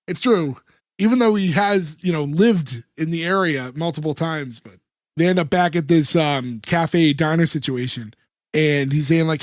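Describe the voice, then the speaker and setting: High-voiced man recapping an episode. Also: moderate pace, dry recording, clean studio sound. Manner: long retellings with many fillers and acted quotes. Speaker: podcast co-host.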